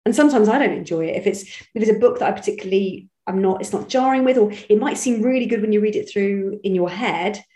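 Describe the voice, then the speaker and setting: A woman from Britain who works as an actor and audiobook narrator, answering interview questions in a chatty, animated way with quick restarts. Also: medium pitch, roomy sound, low-quality recording. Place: home studio.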